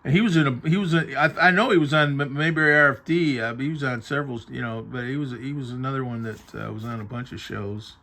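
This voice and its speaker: A man's voice: medium pitch, quick pace, creaky, hardly any pauses, pushed and bright. A man reviewing a book on vintage TV in casual commentary, chatty and musing aloud as his thoughts drift. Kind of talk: casual commentary while paging through a book.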